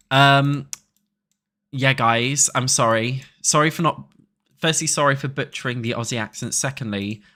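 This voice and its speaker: In a mid-range voice that sounds pushed and bright, a young British man chats casually and swears freely with viewers while streaming a building game.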